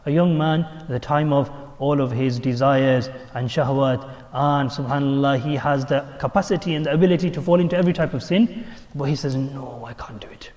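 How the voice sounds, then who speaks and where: A man giving a mosque sermon as imam, telling stories with lively voices for the people in them. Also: mid-range voice, a little fast, in a large hall. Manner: animated storytelling, acting out quoted voices.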